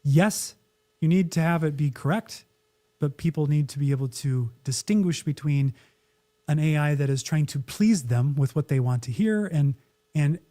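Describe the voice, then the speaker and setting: A man co-hosting a podcast with a mellow, warm tone and a slightly higher pitch. He chats casually, offers wry opinions and acts out quotes. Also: normal speed. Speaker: podcast co-host.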